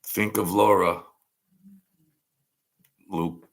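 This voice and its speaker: A middle-aged man rants slowly through a late-night monologue, circling back on the same phrases with a scoffing edge. His low voice is gravelly and husky, with frequent dips into fry. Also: fairly even intonation. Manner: rambling, repeats phrases, mocking. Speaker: channel host.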